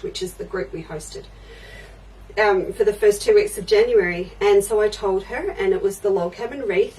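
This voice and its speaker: An older woman chats her way through a live craft show, friendly and rambling as she answers viewers. She sits a little back from the microphone, so her voice sounds slightly distant. Her pitch sits in an ordinary middle range. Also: darkish tone. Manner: chatty, reads out and answers viewer comments. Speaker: quilting show host.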